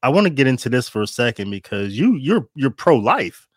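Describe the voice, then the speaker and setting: A man's voice: mid-range voice, big pitch swings, a little fast, no room sound, studio quality. A man hosting a casual interview, easygoing and friendly. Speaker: interview host.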